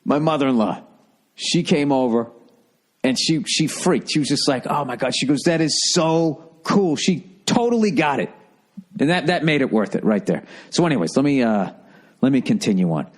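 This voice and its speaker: A man's voice: medium pitch, big pitch swings, moderate pace. Profane ranting middle-aged man. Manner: profane, sarcastic, mocks people in put-on voices. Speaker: comedian podcast host. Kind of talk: rambling comedic rant.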